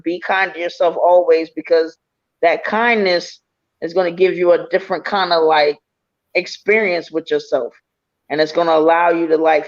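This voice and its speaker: A woman psychic medium giving an encouraging, rambling spiritual reading full of fillers. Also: on the low side. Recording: slightly dull stream audio.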